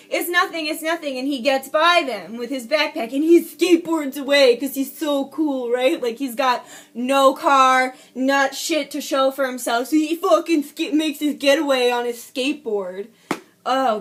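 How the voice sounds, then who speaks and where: A young woman casually telling a personal story, emphatic and swearing, acting out shouted quotes. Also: high voice. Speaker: storyteller vlogger.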